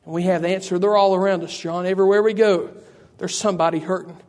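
A man's voice: sits high, steady tone, quick pace, a little mellow. A man preaching a sermon, fervent and repetitive, calling out to listeners by name. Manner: addresses listeners by name, frequent "I tell you".

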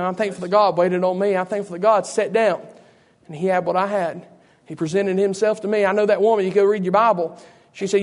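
A man preaches a sermon in a high, ringing voice. He keeps turning to the congregation with "you know what?" and rhetorical questions, building his points through repetition. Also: fairly even intonation, fast talker. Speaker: pastor.

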